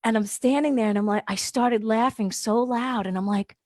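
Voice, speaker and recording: A woman guest on a radio show, telling a lively story, laughing often and acting out what people said. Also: fairly high pitch, normal speed, hardly any pauses, no room sound, clean studio sound. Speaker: guest, holistic wellness practitioner. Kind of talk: animated storytelling in a radio interview. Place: radio studio.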